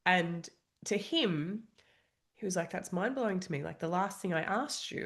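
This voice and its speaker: A woman's voice: on the low side, animated, moderate pace. A woman in her thirties, a trauma coach, talking candidly and reflectively to camera, openly vulnerable, with frequent "you know" and "like". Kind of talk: candid solo monologue.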